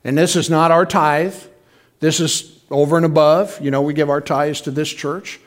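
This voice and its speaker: A man's voice: a little high, steady tone, normal speed. A middle-aged man preaching a sermon in a folksy, conversational way, with frequent asides to the congregation. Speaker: pastor.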